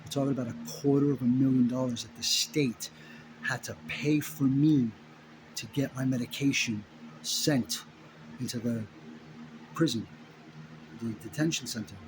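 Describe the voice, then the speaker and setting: A man delivers an indignant, profanity-laced personal monologue, repeating key phrases to drive them home. His voice sits at an ordinary pitch. A clear hiss of background noise runs under him. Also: fairly even intonation, normal speed, pauses often. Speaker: vlogger recounting his own story.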